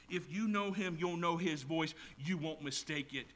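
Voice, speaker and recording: A man preaching a sermon in a church, swinging from quiet asides to loud shouted quotes. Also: fairly high pitch, a little slow. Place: church with congregation.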